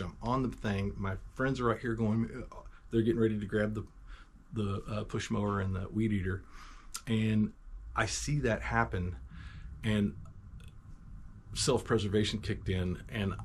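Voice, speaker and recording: A man's voice: on the low side, fairly even intonation, measured pace, slight background noise. A man telling a personal Christian testimony story in a rambling, emphatic way, with many restarts and asides.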